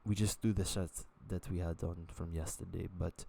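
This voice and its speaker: A man vlogging casually to camera, halting and rambling with lots of fillers and restarts. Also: low voice, steady tone, vocal fry, warm tone, a little hiss or hum.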